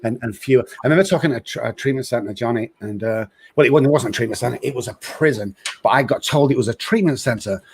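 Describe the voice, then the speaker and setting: A man tells recovery stories in a lively, conversational way. He slips into the voices of the people he quotes and punctuates his lines with casual fillers. His voice sits at an ordinary middle pitch for a man. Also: fast talker, few pauses, a little hiss or hum. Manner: lively storyteller who acts out quoted voices. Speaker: host and recovery speaker.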